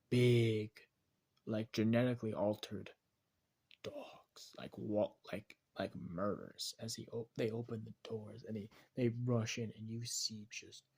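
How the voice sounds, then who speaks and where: A man improvising a dark story aloud, rambling and hesitant, often correcting himself. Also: on the low side, gravelly, husky.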